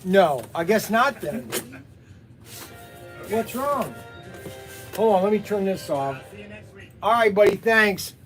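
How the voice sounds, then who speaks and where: A man hosting a live unboxing stream, excitable and constantly exclaiming in surprise. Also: sits high, takes it slowly, long pauses, soft background music. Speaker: livestream host unboxing toy car samples. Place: indoor workplace.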